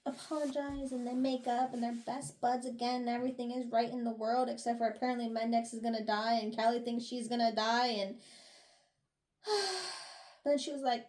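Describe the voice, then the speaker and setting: A woman co-hosting a book review podcast, recapping chapters in animated casual chat, swearing and laughing along. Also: on the high side, brisk.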